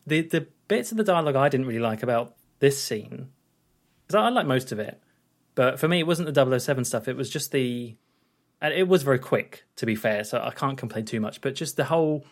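A man co-hosting a casual film podcast, who gives animated, emphatic opinions with many fillers. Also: medium pitch, a little fast. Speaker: podcast co-host.

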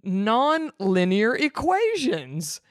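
A woman's voice: a little high, very animated, drawn-out words, no room sound, clean studio sound, voice pushed up, exaggerated voice. A woman reading aloud the lines of a goofy young castaway man from a storybook. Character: young man shipwrecked on an island.

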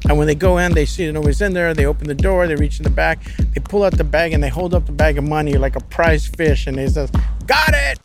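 A man's voice: fairly high pitch, steady tone, quick pace, hardly any pauses, over music. A man as an interview guest, telling a story casually with a vivid, profane manner.

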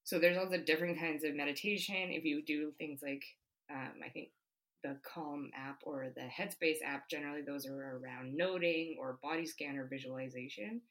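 A woman's voice: sits low, steady tone, moderate pace, fairly bright tone, low-quality recording. A woman co-hosting a podcast, chatting casually about history with many fillers and frequent laughs. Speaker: podcast co-host. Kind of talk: casual chat.

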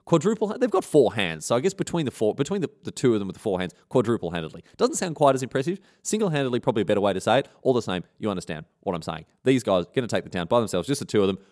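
A man tells history as comedy, with irreverent slang and rambling asides. He races along in a lowish voice with a very lively pitch. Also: very fast, few pauses. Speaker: podcast host. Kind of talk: comic history storytelling.

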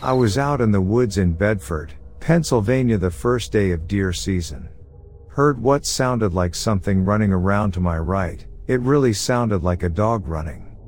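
A man narrating true scary stories sent in by listeners, in a steady, low-key storytelling manner. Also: moderate pace, slight background noise. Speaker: podcast narrator. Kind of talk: reading listener horror stories.

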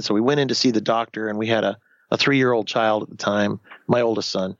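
A man in his fifties telling his own story in a candid interview, animated, acting out the voices of the people he quotes, often restarting sentences. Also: medium pitch, fairly quick, no room sound, dull audio. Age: 50s.

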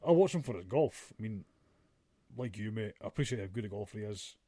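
A man's voice: on the low side, animated, fairly quick, mellow, no echo. Sweary, ranting male podcast co-host. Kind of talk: casual chat.

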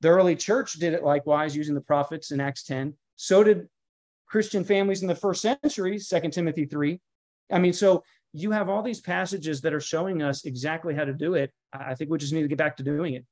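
A man's voice: on the high side, brisk, darkish tone. A man who is a pastor and guest author, speaking in a podcast interview with an emphatic, preacher-like manner that builds through lists and repeated phrases. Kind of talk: podcast interview, earnest teaching tone.

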